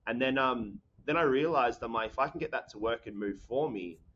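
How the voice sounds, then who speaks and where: A young Australian man chats as a podcast guest, rambling and energetic, full of "you know" and "um". His voice sits at a middle pitch. The audio is dull and lo-fi. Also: a little fast, a little hiss or hum. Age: young adult. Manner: energetic, rambling, many fillers. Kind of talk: casual podcast chat.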